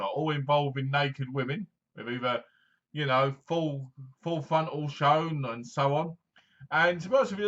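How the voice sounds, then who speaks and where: A man's voice: medium pitch, a bit bright, highs cut off. A man giving a casual, rambling movie review, full of fillers. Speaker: film reviewer.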